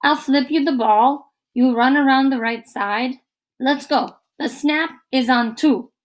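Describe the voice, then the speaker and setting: A woman's voice: sits high, measured pace, voice pushed up, low-quality recording. A woman voicing a bossy, cocky teenage boy quarterback in a storybook reading, brash and upbeat. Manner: brash, upbeat, gasping after a hit.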